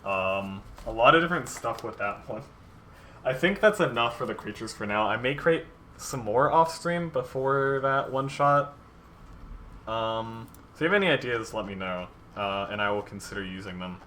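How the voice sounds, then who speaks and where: Bright-voiced man streaming game prep. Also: mid-range voice, animated, normal speed, slight background noise. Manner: rambling, many ums, reads viewer submissions aloud. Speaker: dungeon master streamer. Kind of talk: casual livestream chat while designing game content.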